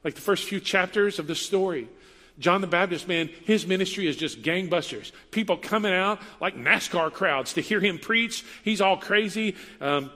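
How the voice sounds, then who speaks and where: Conversational male pastor, a touch high. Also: pushed and bright, big-room sound. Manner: conversational, emphatic, repetitive. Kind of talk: sermon.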